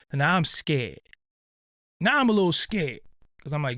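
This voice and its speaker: A streetwise man tells a rambling comic story, swearing freely in a blunt, unfiltered way. His voice sits a little high for a man, and the sound is close and dry with no room ring. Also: sing-song, normal speed, long pauses, pushed and bright, no echo. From Brooklyn, New York. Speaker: show host. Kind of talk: profane comedic storytelling.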